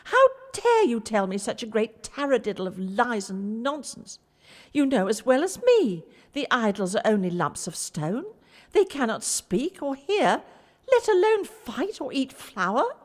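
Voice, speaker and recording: Woman reading as a raging dad, loud scolding, lively pitch, reverberant room. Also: unhurried. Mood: angry. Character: irate old father, shouting craftsman.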